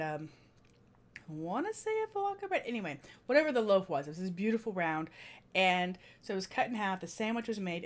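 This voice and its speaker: A woman vlogger casually telling a story about a dinner out, chatty and animated, laughing often as she recounts it. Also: lowish voice.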